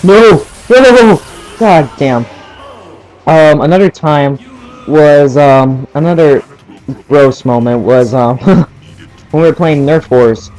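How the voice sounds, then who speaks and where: A man's voice: medium pitch, takes it slowly, long pauses, mellow, soft background music, low-quality recording. A young man in casual gameplay commentary, telling a story while playing, laughing often and swearing at the game. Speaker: gaming channel host.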